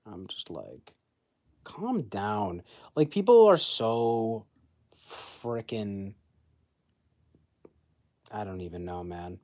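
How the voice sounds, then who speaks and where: A man's voice: on the low side, sing-song, takes it slowly, long pauses, warm tone. A man in his twenties chatting casually on a phone livestream, rambling with lots of fillers and self-mocking asides. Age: 20s. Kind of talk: casual chat.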